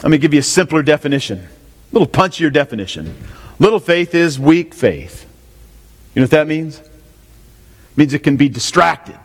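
Here a pastor preaches an expository sermon with a slightly high voice, lively intonation, a moderate pace and long pauses. Questions to the congregation and repeated main points run through it, all heard in long hall reverb.

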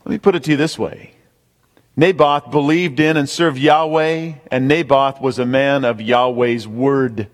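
A man's voice: medium pitch, steady tone, measured pace. A man preaching a sermon, emphatic, repeating key points and speaking straight to the congregation. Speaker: pastor. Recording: long hall reverb.

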